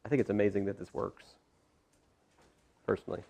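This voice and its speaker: Low gravelly-voiced man lecturing. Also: fairly quick, mellow. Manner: talks through steps with frequent asides and restarts. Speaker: math professor. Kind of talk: classroom lecture. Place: classroom.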